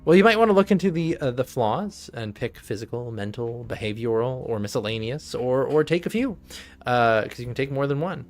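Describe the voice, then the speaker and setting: A man's voice: medium pitch, animated, brisk, faint music behind. A man narrating as game master for a tabletop game, rambling with lots of fillers. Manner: rambling, filler-heavy, laughing.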